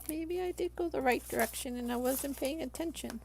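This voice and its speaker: A woman's voice: high voice, fairly quick, gravelly, noisy background. A young adult woman from Los Angeles, chatting casually on a live stream and talking viewers through each crafting step.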